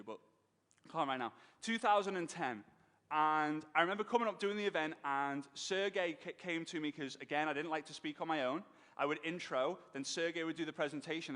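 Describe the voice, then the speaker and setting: An animated man tells his story on stage, with a high voice that jumps all over the place. He gets emotional and acts out the people in the story. The voice rings with the long reverb of a big hall. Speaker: speaker telling his business story on stage.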